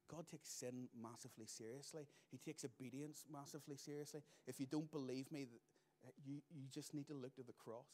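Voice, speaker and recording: A man in middle age preaching a sermon at an even, middle pitch. He drives points home with loud bursts and then drops to near-quiet asides. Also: moderate pace. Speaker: pastor.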